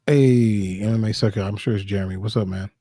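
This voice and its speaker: A man's voice: fairly low pitch, fairly even intonation, brisk, dark tone, no room sound. A man co-hosting a casual live stream, laid-back and agreeable, often laughing along. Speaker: co-host.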